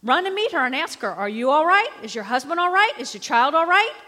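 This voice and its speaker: A woman's voice: high voice, very animated, fairly quick, bright, forceful tone, heavily acted. A woman preacher voicing an old male prophet who gives urgent orders to his servant, in a reverberant hall. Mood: urgent commanding. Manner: commanding, urgent.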